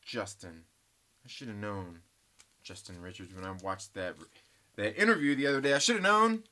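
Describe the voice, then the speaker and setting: Bright-voiced man in a rambling vlog. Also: lowish voice, animated, normal speed. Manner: joking, teasing, rambling with restarts; addresses viewers directly as guys. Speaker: comic book channel host. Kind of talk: casual rambling vlog chat.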